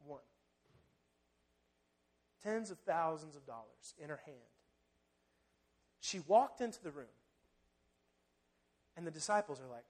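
A man preaching a sermon in a conversational, animated way, speaking directly to his listeners. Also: fairly high pitch, slow, long pauses.

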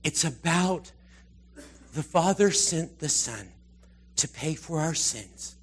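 A man delivers a casual sermon, talking through scripture passages as if telling stories to friends. His voice is slightly raised in pitch with a husky edge. He slips into the voices of the people he quotes. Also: takes it slowly. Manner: conversational, animated, acts out scripture quotes. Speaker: preacher. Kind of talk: informal sermon.

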